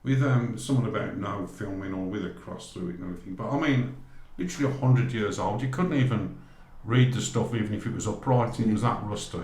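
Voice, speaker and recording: Lively storytelling man, roomy sound. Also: on the low side, fairly quick, hardly any pauses. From England, from Great Barr. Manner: animated, acts out both sides of conversations in quoted voices. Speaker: podcast guest telling a travel story. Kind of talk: casual anecdote storytelling. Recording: roomy echo.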